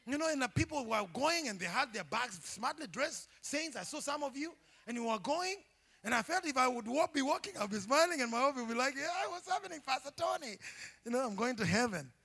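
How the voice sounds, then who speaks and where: A man preaching a sermon as pastor, animated and humorous, often shouting and laughing. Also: extremely high pitch, fairly quick. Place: church.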